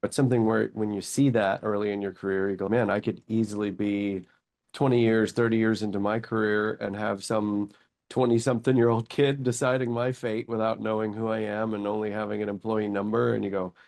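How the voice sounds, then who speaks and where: Low gravelly-voiced man in his forties. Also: fairly quick. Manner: lively anecdotes, acts out his own thoughts in quotes. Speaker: company CEO, guest. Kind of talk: casual interview storytelling.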